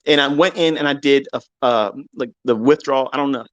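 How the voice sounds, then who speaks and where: A man hosting a live online audio chat, ranting heatedly and profanely, swinging between loud outbursts and low mutters. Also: brisk, dull audio. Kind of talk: heated unscripted rant. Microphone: online audio room.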